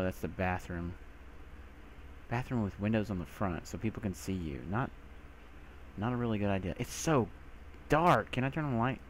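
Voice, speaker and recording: A young man giving let's play commentary, talking to himself and breaking into panicked shouts, over faint game music. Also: lowish voice, a little hiss or hum. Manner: jumpy, talks to himself, bursts into panicked shouts. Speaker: gaming video creator.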